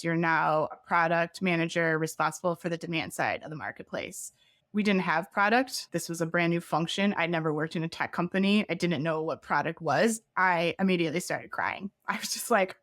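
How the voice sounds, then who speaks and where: A woman's voice: fairly low pitch, fairly bright tone, no room sound, clean studio sound. A middle-aged woman, a podcast guest, recounting her career candidly in a chatty way, full of "like" fillers and small laughs. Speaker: guest, former head of product. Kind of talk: candid interview storytelling.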